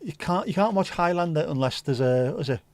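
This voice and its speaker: A man's voice: on the high side, expressive, fairly quick, no echo. A man hosting a livestream, rambling and swearing casually as he answers viewers' comments. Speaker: livestream host. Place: home livestream setup.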